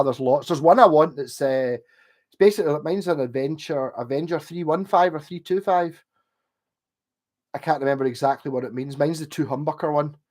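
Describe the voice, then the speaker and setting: Male streamer, mid pitch, loose sweary rambling chat. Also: a little mellow. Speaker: livestream host. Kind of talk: casual livestream chat.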